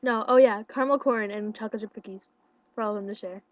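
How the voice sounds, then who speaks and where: A young woman casually retelling a concert meet-up into a webcam, excited and chatty, with lots of fillers and quoted dialogue. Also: medium pitch, fast talker, a little hiss or hum. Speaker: vlogger. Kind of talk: casual storytelling. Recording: lo-fi webcam audio.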